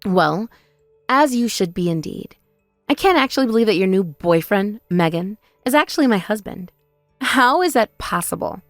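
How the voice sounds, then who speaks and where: Woman doing a wronged older sister, medium pitch, measured and sarcastic, dry sound, faint music. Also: expressive, dry recording, close to an everyday voice. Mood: disbelieving. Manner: measured, pointed, quietly sarcastic. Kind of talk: text-message story voice acting.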